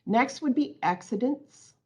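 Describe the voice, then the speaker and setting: A woman's voice: on the high side, expressive, a little slow, husky, dull audio. A woman presenting an online training webinar, reading out audience answers and then explaining her points earnestly, on a computer mic.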